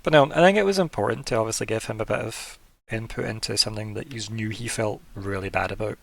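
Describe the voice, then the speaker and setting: A man narrating as game master in a casual, relaxed way, laughing often and filling his talk with "like". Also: fairly low pitch, quick pace, vocal fry.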